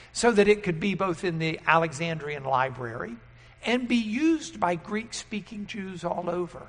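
A man preaching a sermon and teaching at a board, emphatic and loud on key words. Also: sits high, animated, moderate pace, in a large hall.

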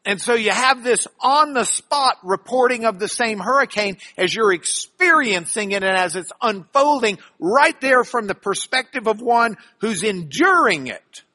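A man teaching a Bible class in an animated, emphatic lecture, often restarting his phrases. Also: high voice, a little slow, hardly any pauses.

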